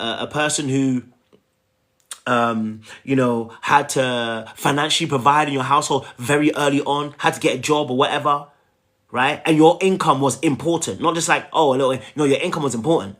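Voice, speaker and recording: A man's voice: mid-range voice, normal speed, fairly bright tone. A man giving a relationship coaching talk, emphatic and repetitive, often checking in with "okay?" and "right?".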